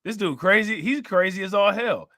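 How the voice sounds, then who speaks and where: Guy reacting to a news clip, loud and laughing, kinda high voice. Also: normal speed, no echo. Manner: loud, laughing, mocking banter. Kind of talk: casual reaction commentary.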